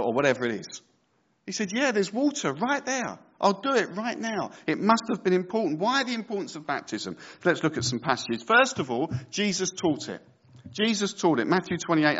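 A man's voice: on the high side, a bit bright, muffled recording. A man preaching a sermon as pastor, reading scripture with conversational, joking asides.

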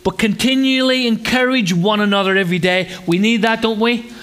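A pastor delivers a friendly, conversational sermon with a notably high voice. He jokes, asks the congregation questions, and slips into childlike voices for little acted scenes. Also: brisk, a bit bright, clear, resonant tone. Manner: acts out children's voices in a higher pitch.

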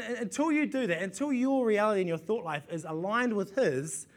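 A man's voice: high voice, fairly bright tone. A man preaching a sermon in a conversational way, often repeating words as he restarts and asking the congregation rhetorical questions.

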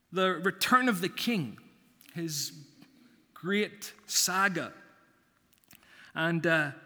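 A pastor preaching a sermon in a church, measured and deliberate, with long pauses for emphasis. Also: male voice, high-pitched, pushed and bright. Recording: long reverb of a church hall.

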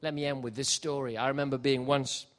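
A man preaching a live sermon at a church service, building passionately and sometimes shouting. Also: medium pitch, little pitch movement, fairly quick. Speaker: pastor. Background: faint piano.

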